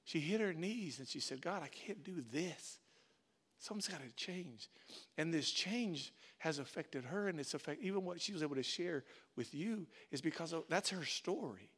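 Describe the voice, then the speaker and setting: Animated preaching man. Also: on the high side, moderate pace, breathy edge. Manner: builds from quiet storytelling to loud, animated preaching; calls on the congregation, uses "y'all". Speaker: pastor. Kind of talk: sermon.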